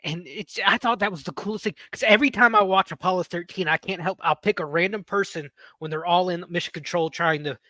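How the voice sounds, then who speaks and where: A man's voice: sits high, fairly quick, few pauses, pushed and bright, dry recording. A man, hosting a podcast and telling rambling stories in casual chat. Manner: rambling, self-interrupting storyteller. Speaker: podcast host.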